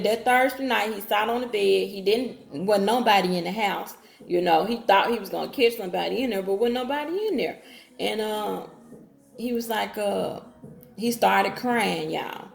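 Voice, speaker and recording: A woman's voice: mid-range voice, unhurried, vocal fry. A woman telling her own story casually to viewers, speaking straight to them and acting out what people said in her own voice. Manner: talks straight to viewers with Southern-style slang, quotes others in her own voice. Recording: echoey room.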